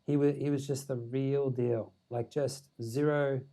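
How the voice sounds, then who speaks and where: A man who is a meditation teacher, telling a story as a podcast guest in an animated way, laughing often. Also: mid-range voice, a little slow. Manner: animated, many fillers and restarts, laughing often.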